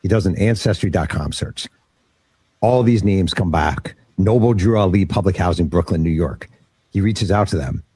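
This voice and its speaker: A man's voice: low voice, normal speed, mellow, slightly rough, dry recording. A man, an author, telling a story from his book in an interview, acting out the quotes with animation.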